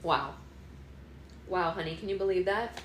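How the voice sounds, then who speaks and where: A woman hosting a book club live stream, chatting with her toddler in sing-song, animated baby talk. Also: on the low side, a little slow, very noisy.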